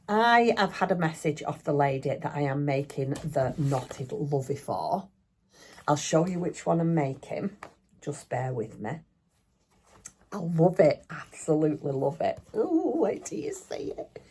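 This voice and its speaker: Older woman, low and mellow, rambling chatty vlogger talking to camera at home. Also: slightly rough. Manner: chatty, rambling, self-deprecating. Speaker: craft vlogger. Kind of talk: casual chat. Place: home craft room.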